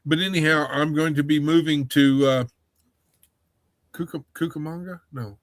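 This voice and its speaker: A man hosting a casual livestream chat, rambling with halting restarts. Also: a little high, steady tone, no room sound.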